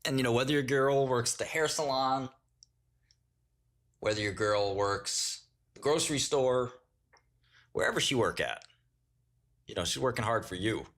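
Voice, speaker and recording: A man's voice: medium pitch, lively intonation, moderate pace, long pauses, fairly bright tone. A man hosting a casual livestream, telling crude slangy stories and laughing often. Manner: slangy storytelling. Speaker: livestream host.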